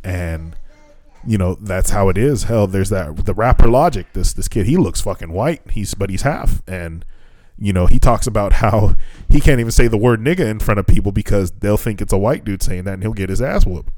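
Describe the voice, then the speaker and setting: A man co-hosting a podcast, telling stories in a casual, profane and animated way. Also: on the low side, normal speed, no echo. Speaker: podcast co-host. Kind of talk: casual chat. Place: Japan.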